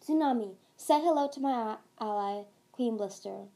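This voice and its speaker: A woman voicing a regal, commanding queen of sea dragons in a storybook reading, speaking loudly and emphatically. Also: a little high, normal speed, close to an everyday voice. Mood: effusive. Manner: loud, demanding and emphatic.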